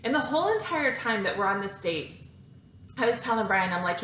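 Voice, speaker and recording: A woman, in her thirties, casually telling a personal story to her viewers, animated and self-mocking, laughing often. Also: on the high side, fairly quick, slight background noise. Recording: echoey room with faint ambience.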